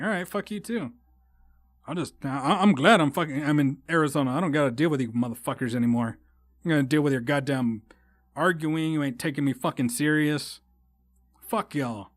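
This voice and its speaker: Profane, rambling podcast host. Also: male voice, mid-range voice, brisk, no room sound. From Texas. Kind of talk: casual solo podcast rant.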